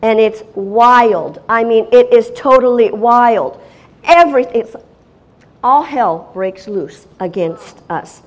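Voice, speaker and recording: This middle-aged woman, a missionary offering spoken testimony, has a voice on the high side and a slow pace. She tells her story dramatically, veering from hushed tones into loud, excited bursts.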